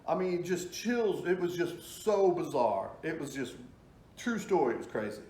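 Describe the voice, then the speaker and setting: A man's voice: a little high, very animated, normal speed, a little mellow. A middle-aged man casually telling stories from his youth, rambling with lots of fillers. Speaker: storyteller host. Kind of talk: casual storytelling. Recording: echoey room.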